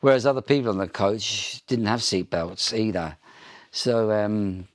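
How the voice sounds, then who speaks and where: A man from Ireland, guest in a relaxed interview, winding through long stories full of ums and false starts. His voice sits fairly low, in a conversational, unhurried telling. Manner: chatty anecdotes, frequent ums and restarts. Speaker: interview guest, pop singer. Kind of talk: casual interview storytelling.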